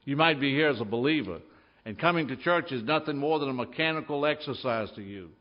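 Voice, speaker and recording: A man's voice: mid-range voice, lively intonation, a little fast, muffled recording. A man preaching a sermon in a church, telling stories emphatically and acting out the scenes. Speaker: pastor.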